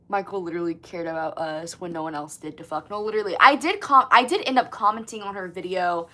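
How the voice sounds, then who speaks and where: A woman's voice: lowish voice, a little fast. A woman in her twenties hosting a casual livestream, chatting to viewers and reading comments, swearing freely and filling her talk with "like". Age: 20s. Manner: chatty, swears often, lots of "like", animated. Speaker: livestream host.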